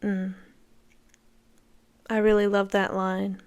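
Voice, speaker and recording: Smooth-voiced woman chatting film commentary. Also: mid-range voice, steady tone, a little slow. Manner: enthusiastic, conversational, reacting to scenes as they play. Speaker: podcast host.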